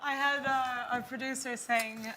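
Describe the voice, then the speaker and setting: A woman's voice: sits high, fairly even intonation, unhurried, very noisy. A woman co-hosting a football watchalong, teasing her co-hosts in casual chat. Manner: teasing, laughs often. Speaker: watchalong co-host.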